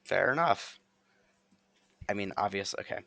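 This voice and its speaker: A man's voice: lowish voice, animated, a little slow, vocal fry, sharp tone, no room sound. A young man hosting a casual livestream chat, giggly and rambling with lots of ums. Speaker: streamer host.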